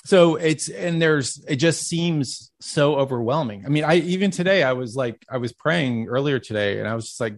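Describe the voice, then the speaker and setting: A man's voice: mid-range voice, normal speed. A male podcast host talking in a heartfelt, rambling way, with many "like"s and restarts. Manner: heartfelt, rambling, says "like" often. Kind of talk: casual interview chat.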